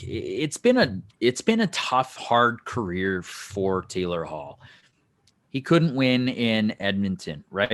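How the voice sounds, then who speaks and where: Man, low voice, rambling, joking, casual hockey podcast co-host. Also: a bit bright. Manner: rambling, full of fillers and restarts, joking. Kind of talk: casual sports chat.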